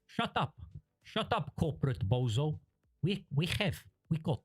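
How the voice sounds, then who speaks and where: A man's voice: fairly high pitch, sing-song, measured pace, slightly rough, full character voice. A man doing a brash, dismissive game dev in a clumsy Swedish accent. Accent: put-on Swedish accent, badly done. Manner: dismissive, snappy. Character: brash male game developer brushing off help.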